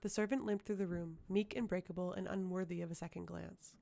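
A woman reading a fantasy audiobook aloud with a low, dark voice and plenty of gravelly fry. Her narration is measured and even. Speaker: audiobook reader.

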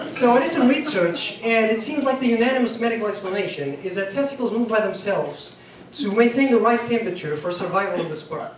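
A man performing a stand-up comedy set on a club stage, rattling off long deadpan lists. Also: high-pitched. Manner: rapid deadpan list delivery. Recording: echoey club from far off. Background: laughing audience.

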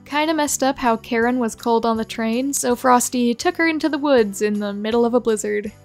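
A woman with a fairly high voice reads out comic reviews in a dry, deadpan way, each line landing with a sardonic edge. Faint music plays softly underneath. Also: brisk. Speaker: video narrator reading reviews. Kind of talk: comic narration of read-out reviews.

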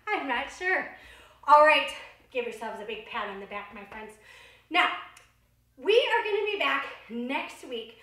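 A young woman teaching a children's dance lesson, playful and encouraging, with frequent excited gasps. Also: high voice, unhurried. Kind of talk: kids' movement lesson. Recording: echoey room with faint music.

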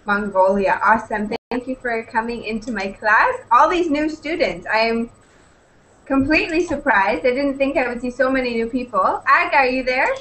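A high-pitched, bright-toned woman from British Columbia, talking as an online conversation teacher and greeting each student warmly. Her manner is upbeat and welcoming. A faint hum of background noise sits behind her voice. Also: moderate pace, poor audio. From British Columbia, Canada. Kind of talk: upbeat online class chat.

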